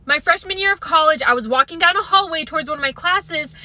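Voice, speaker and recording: Bright, high woman telling a comic story. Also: quick pace, dry recording. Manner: animated, self-mocking. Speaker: comedian.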